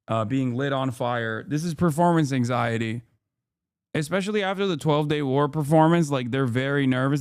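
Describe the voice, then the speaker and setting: A man's voice: mid-range voice, smooth, no room sound, clean studio sound. A man doing live stream commentary, sarcastic and profane, rising into angry rants.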